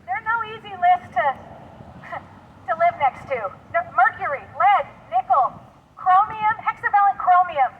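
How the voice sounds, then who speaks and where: A woman's voice: extremely high pitch, lively intonation, unhurried, phone-quality sound, a little hiss or hum. A middle-aged woman, a community activist, talking earnestly and conversationally outdoors by a street, with small restarts. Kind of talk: outdoor advocacy statement.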